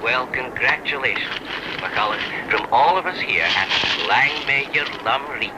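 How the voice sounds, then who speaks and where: An actor plays a radio announcer reading the forecast and traffic with brisk, even delivery. His voice sits at a middling pitch, heard through heavy background noise in an old film. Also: close to an everyday voice. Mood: neutral. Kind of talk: radio broadcast within a film.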